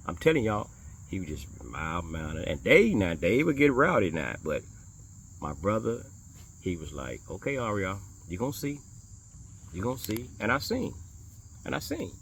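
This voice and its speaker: A minister talking casually to viewers about his beliefs, animated and blunt, repeating phrases for emphasis and throwing in curses and rhetorical challenges. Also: low voice, gravelly, a little hiss or hum. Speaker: minister of a small congregation. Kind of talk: casual religious talk to viewers.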